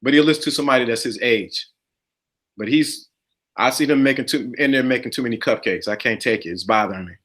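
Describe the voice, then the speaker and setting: A man's voice: mid-range voice, fast, fairly bright tone. A middle-aged man hosting a casual chat, speaking emphatically and repeating his key points. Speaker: podcast host.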